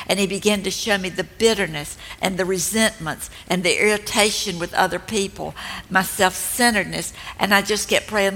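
An older woman giving a slow, gentle and earnest devotional teaching talk. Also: on the low side, steady tone. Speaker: speaker at a women's ministry event. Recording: long hall reverb.

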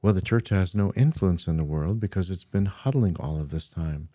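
Deep-voiced earnest pastor, dark tone. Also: male voice, normal speed, no echo, clean studio sound. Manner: earnest, animated emphasis on key points. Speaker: pastor and podcast co-host. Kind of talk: casual conversation about church.

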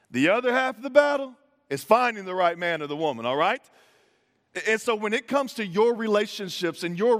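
Fields: Sex: man. Role: pastor. Style: animated conversational sermon. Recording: echoey hall. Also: high voice. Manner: animated storyteller, playful modern asides, stammered restarts. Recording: echoey hall with long reverb.

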